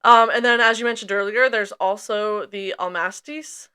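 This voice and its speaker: A woman's voice: mid-range voice, moderate pace, clear, resonant tone. A woman co-hosting a podcast, chatting casually and reading from notes with frequent ums. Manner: relaxed, hesitant with frequent ums. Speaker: podcast co-host.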